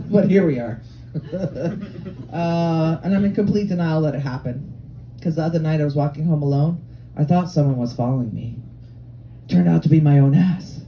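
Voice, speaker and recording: A woman's voice: on the low side, lo-fi sound, background noise. A woman in her forties from Lebanon and Canada, doing a brash, profane, self-mocking stand-up comedy set on a comedy club stage. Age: 40s. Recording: live club crowd laughing.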